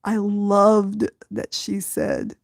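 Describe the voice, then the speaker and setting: A woman from Southern California hosting a podcast, telling a personal story slowly and from the heart, often breaking into laughter. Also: mid-range voice, huge pitch swings, vocal fry, no echo, studio quality. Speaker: podcast host.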